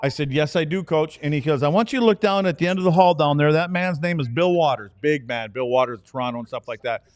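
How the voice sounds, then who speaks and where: A man's voice: fairly high pitch, quick pace, no room sound. A man in his sixties, a podcast co-host and former player, telling rambling, self-deprecating stories in casual talk. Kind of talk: casual storytelling.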